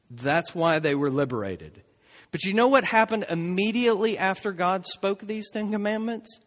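A male preacher delivers a sermon with dramatic swings between hushed and emphatic lines. His voice sits a bit high and moves a lot in pitch. A long reverb hangs behind him, as in a big hall.

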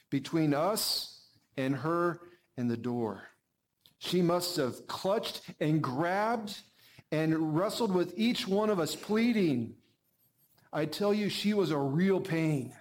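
A man preacher telling a story in first person as a character, shifting from animated to hushed. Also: a little high, takes it slowly. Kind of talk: first-person dramatic sermon monologue.

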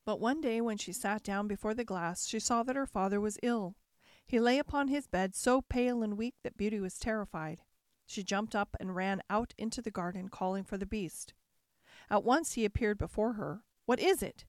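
A woman reads a classic fairy tale aloud in a calm, measured manner. Her voice sits in a middle range, and the recording is dry and close, with no room echo. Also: medium pitch. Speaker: narrator. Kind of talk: storybook narration.

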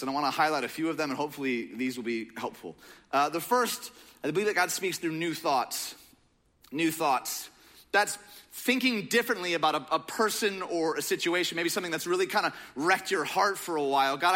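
A young man preaching a sermon in a casual, joking, animated storytelling manner. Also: fairly high pitch. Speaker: pastor.

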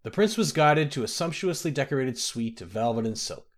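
Man narrating with lively pitch. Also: fairly quick. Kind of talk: storybook narration.

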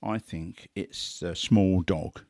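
Gravelly-voiced man telling animal stories. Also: deep voice, slow, dry recording, clean studio sound. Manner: animated, acts out quotes and sounds. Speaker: big cat investigator. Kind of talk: conversational storytelling.

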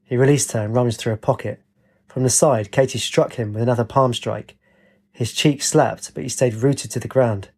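A man narrates a story in a steady, dramatic reading. His voice is husky and sits at an ordinary male pitch. He reads at an even pace. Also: normal speed.

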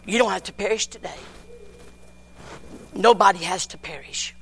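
High bright-voiced preacher. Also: male voice, normal speed, creaky, slight background noise. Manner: swings from hushed to near-shouting, repeats words, folksy grammar. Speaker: pastor. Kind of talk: sermon storytelling.

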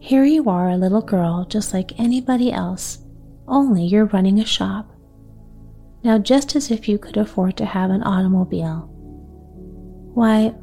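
A woman's voice: medium pitch, dark tone, lightly acted. A woman reading aloud, voicing a practical little neighborhood girl who talks in a reasonable, coaxing way. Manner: reasonable, coaxing, quick talk.

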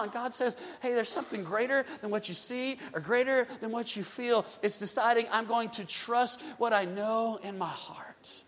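A man preaching a sermon as pastor, swinging between loud urgent lines and quiet hushed ones. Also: very high-pitched, moderate pace, hardly any pauses, in a large hall.

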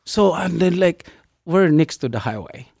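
A man in casual conversation recounts a personal story in a slightly high voice, with many fillers and restarts. He speaks English as a non-native speaker and jumps up in pitch when he acts out what people said. The recording is dry, with no room sound. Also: measured pace, gravelly, husky, dry recording. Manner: acts out quoted dialogue with lively jumps in pitch.

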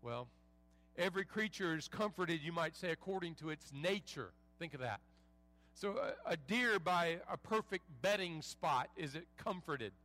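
A man preaching as a pastor, reading scripture and praying in an earnest, measured way with folksy asides, a bit under the weather. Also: fairly high pitch, lively intonation, bright, forceful tone, faint music behind. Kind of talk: sermon with scripture reading and prayer. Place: church sanctuary.

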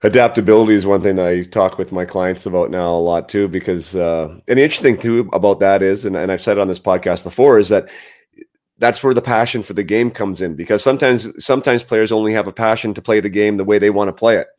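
A man's voice: fairly low pitch, fast talker, a little mellow. A man hosting a podcast who talks in a conversational way, asks probing follow-up questions and often tags his points with "right?". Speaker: podcast host and coach. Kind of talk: casual interview.

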